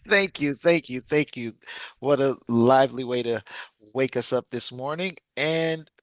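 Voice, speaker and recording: A man chairs an online club meeting in a friendly, halting way, restarting sentences as he goes. He talks slowly, and the sound is dry and close. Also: medium pitch, no echo. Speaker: meeting presiding officer. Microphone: video call.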